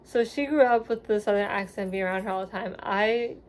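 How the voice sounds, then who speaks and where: A woman's voice: medium pitch, a little fast. A young woman at home talking casually in a vlog, rambling with many fillers as she runs through a TV series. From grew up in the US South after moving from Seattle at five. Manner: chatty, rambling, many ums and likes. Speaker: vlogger reviewing a TV series. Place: at home with her dog nearby.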